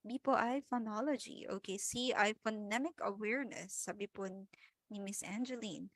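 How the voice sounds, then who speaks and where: A woman's voice: mid-range voice, normal speed, fairly bright tone, dry recording. A young woman with a Filipino accent coaching an exam review live, mixing English and Filipino and politely reading viewers' answers. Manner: Taglish, code-switching between English and Filipino.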